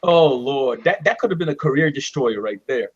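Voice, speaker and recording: A man's voice: medium pitch, expressive, normal speed, slightly rough. A man co-hosting a gaming podcast, joking animatedly and laughing a lot. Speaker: podcast co-host. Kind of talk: casual chat. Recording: dull lo-fi mic with faint hiss.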